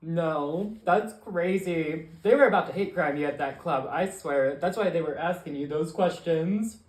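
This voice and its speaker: A man co-hosting a podcast, tossing in quick, reactive banter and frequent backchannel remarks. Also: a little high. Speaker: podcast co-host. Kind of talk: casual chat. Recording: roomy echo.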